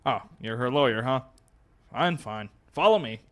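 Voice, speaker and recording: A man voicing a gruff, impatient male prison guard bird in a video game. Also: medium pitch, lively intonation, normal speed, a bit bright, close to an everyday voice.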